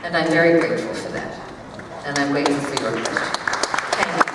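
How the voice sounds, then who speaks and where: A woman in her sixties answering fan questions on a convention panel, with a theatrical, emphatic and measured delivery. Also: low voice. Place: large convention hall with audience. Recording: distant, echoey hall recording with crowd noise.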